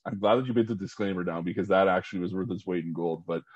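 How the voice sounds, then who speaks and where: A man's voice: deep voice, husky, no echo. A man co-hosting a podcast in casual, easygoing banter. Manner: easygoing, lots of quick agreement. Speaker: podcast co-host. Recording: dry, dull lo-fi sound.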